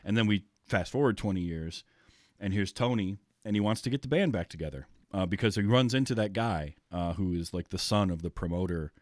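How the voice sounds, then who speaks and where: A man with a fairly low voice hosts a relaxed film podcast. He rambles through his thoughts with frequent fillers and restarts. The sound is dry and close. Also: brisk, no room sound. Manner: chatty, many fillers and restarts. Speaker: podcast host. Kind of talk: casual film discussion.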